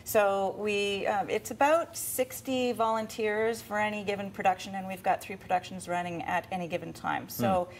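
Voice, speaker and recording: A woman's voice: mid-range voice, fairly even intonation, moderate pace, hardly any pauses, slight background noise. A woman who chairs a theatre's volunteer committee, explaining things at length in a TV interview, with fillers.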